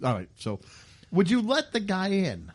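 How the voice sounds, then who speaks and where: Male comedy podcast host in his 50s, slightly high voice, swooping animated delivery. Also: moderate pace. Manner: animated storyteller who acts out the people in his stories. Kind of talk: casual comedy chat.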